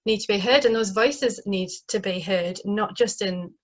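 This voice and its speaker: A woman with a northeast English accent talks casually as an interview guest, her voice mid-pitched. She hesitates and restarts often, and the video call audio is slightly dull. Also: moderate pace. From northeast England. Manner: chatty, hesitant, many fillers and restarts. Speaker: playwright guest.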